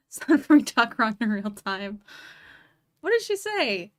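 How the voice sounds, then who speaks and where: A woman's voice: fairly high pitch, very animated, measured pace, fairly bright tone. A young woman streaming, chatting casually and laughing a lot while fussing over her cat. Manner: chatty, giggly, distracted, talking to her cat. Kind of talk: casual livestream chat.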